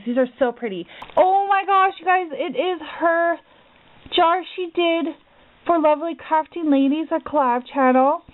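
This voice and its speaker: A woman's voice: high voice, no echo. A woman craft vlogger opening a gift package, gushing with gasps and repeated exclamations. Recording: tinny phone-like audio.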